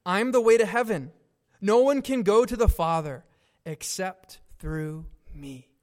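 A man's voice: high voice, unhurried. A man quoting a solemn male figure in white who speaks in commanding declarations.

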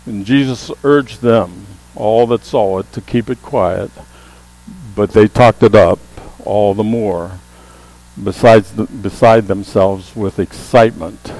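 In a church sanctuary, a pastor preaches a sermon with emphatic calls rising to the congregation and a low hum under his voice. He speaks slowly with a darkish tone, and the audio is poor.

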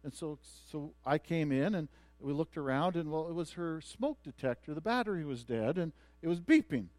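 A man's voice: on the high side, expressive, normal speed, a little mellow, no echo. A man preaching a sermon as pastor, telling a story with many restarts and building to emphatic points.

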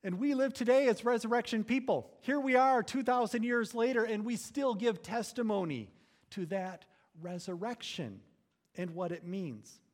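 A man preaching a sermon, building to loud emphatic phrases and then dropping low and quiet. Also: moderate pace. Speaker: pastor.

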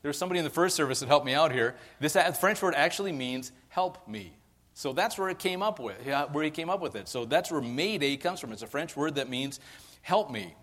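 Male pastor, fairly high voice, easygoing conversational sermon, long church reverb. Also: quick pace, hardly any pauses, a bit bright. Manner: conversational preaching with fillers and restarts.

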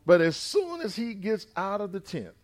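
Fairly high-voiced preacher retelling scripture. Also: male voice, big pitch swings, moderate pace. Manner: storytelling retelling of scripture, repeated "amen"; swings between loud and quiet. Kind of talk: sermon.

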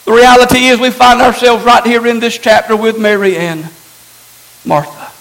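A man's voice: extremely high pitch, steady tone, moderate pace, a bit bright, poor audio. A man preaching a sermon to his congregation, teaching in an emphatic way and asking rhetorical questions. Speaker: pastor.

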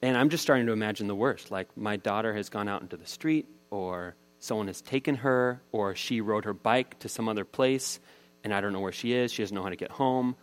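A man's voice: on the low side, brisk. A man in his thirties preaching a sermon, telling a family story in a casual, conversational way. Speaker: pastor.

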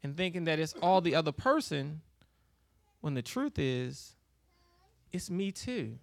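A man preaching a sermon in a relaxed, conversational way, laughing often and acting out little quoted exchanges. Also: a little high, measured pace, gravelly, no room sound. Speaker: pastor.

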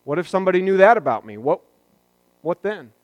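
Conversational man preaching, slightly high voice. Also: big pitch swings, fairly quick, no room sound. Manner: conversational, joking asides. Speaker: pastor. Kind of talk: sermon.

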